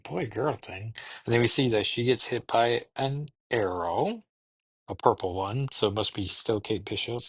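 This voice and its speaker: Male podcast host, lower register, dry booth sound; loose, chatty, thinks aloud. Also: no room sound. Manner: rambling, thinking aloud with ums. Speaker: podcast host reviewing comics. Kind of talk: casual recap.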